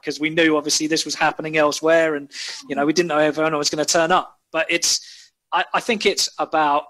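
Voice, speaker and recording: A man, a band member telling animated, rambling stories with frequent laughs in a casual interview. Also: fairly high pitch, fairly quick.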